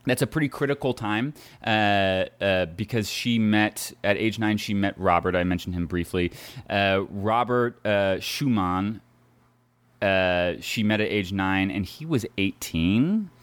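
A man's voice: lowish voice, measured pace, clear, resonant tone, no room sound. A man hosting a podcast, casually retelling a history story with lots of fillers and asides. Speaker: podcast host.

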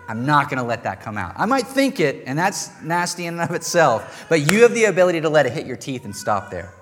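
A man preaching a sermon as pastor, emphatic and animated, with rising bursts of energy. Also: a little high. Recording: long reverb in a large hall.

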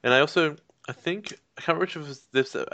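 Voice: mid-range voice, fast talker, bright, forceful tone, dry recording, muffled recording. A podcast co-host chatting casually, with a dry, skeptical, sarcastic manner. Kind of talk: casual chat.

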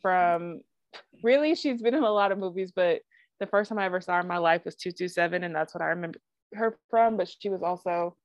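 A woman co-hosting a podcast in casual chat, animated and full of asides. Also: fairly low pitch, a little fast, dry recording. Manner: animated, with frequent likes and asides. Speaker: podcast co-host. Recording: dry, dull lo-fi sound.

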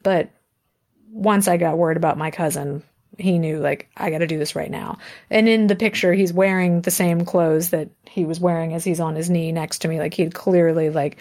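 Lively woman telling an anecdote. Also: on the low side, normal speed. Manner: lively storyteller, laughs often, acts out quoted exchanges. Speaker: musician guest. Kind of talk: casual interview storytelling.

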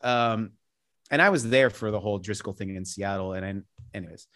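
A man talking as an interview guest in a casual podcast conversation, telling rambling anecdotes full of tangents, laughing as he goes and acting out other people's lines in a higher voice. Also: normal speed, fairly bright tone. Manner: rambling storyteller who drifts into tangents; acts out quoted people with jumps in pitch.

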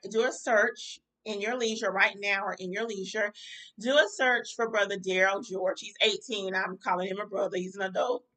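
Bright, fired-up woman podcast host. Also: mid-range voice, rough recording. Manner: preachy, fired-up, talks straight to listeners as y'all. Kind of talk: casual commentary to a live chat.

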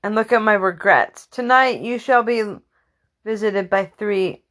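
A woman's voice: mid-range voice, measured pace, a bit bright, lightly acted. A woman voicing a grave male mentor ghost who warns in a solemn tone. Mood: solemn warning.

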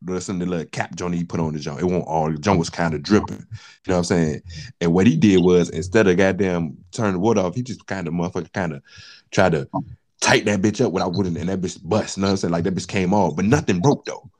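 A man's voice: low-pitched, quick pace, a little mellow. A man telling a long, profane story in casual chat, acting out the quotes of the people in it.

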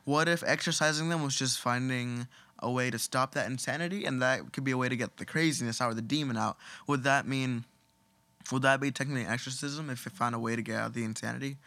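A man's voice: mid-range voice, fairly even intonation, fast talker, bright, forceful tone, no echo. A young man in casual podcast chat, explaining his ideas step by step.

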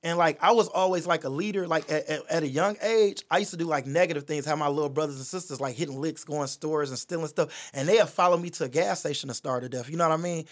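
A young adult man, a podcast guest, telling a personal story in casual chat, animated and full of fillers. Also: fairly high pitch, fast, hardly any pauses. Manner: animated, lots of "you know what I mean" fillers.

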